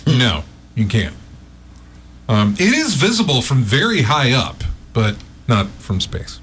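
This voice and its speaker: A man's voice: medium pitch, big pitch swings, takes it slowly, fairly bright tone, slight background noise. A man co-hosting a casual chat show, sharing trivia facts and laughing often. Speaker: co-host.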